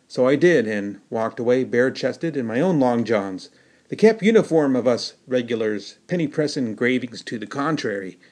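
A man's voice: mid-range voice, expressive, normal speed, darkish tone. A man hosting his own podcast, reading his novel aloud in a folksy storytelling manner. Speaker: podcast host and author.

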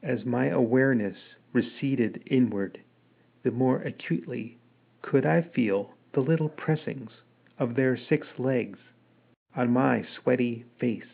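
A man reading his own novel aloud as a podcast narrator, in a measured, unhurried way. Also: mid-range voice, vocal fry, slightly rough. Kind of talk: audiobook narration. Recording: tinny phone-like sound.

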